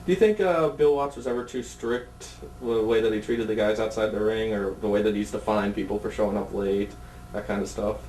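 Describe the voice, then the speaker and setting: A man's voice: on the low side, brisk, darkish tone. A male interviewer asking plain, brief questions. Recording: roomy, distant mic, faint noise.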